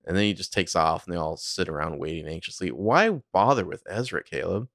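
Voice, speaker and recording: Deep gravelly man recapping an episode. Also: expressive, a little fast, few pauses, fairly bright tone, no echo, clean studio sound. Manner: narrates scenes and acts out character lines in a loose, chatty way. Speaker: podcast co-host recapping a TV episode. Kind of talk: casual recap chat.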